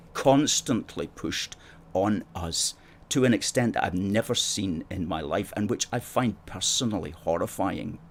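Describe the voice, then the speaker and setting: A man's voice: low-pitched, slight background noise. A man hosts a live-stream talk show, reading out viewer comments and pressing his opinions emphatically. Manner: emphatic and opinionated, hammering points home. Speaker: host. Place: studio in Glasgow.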